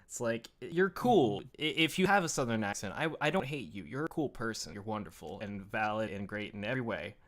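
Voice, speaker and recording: A man's voice: on the low side, lively intonation, brisk, hardly any pauses, a bit bright. A man from New England chatting casually on a fan show, hesitant and rambling while giving frank opinions. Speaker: co-host of a fan talk show. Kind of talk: casual chat.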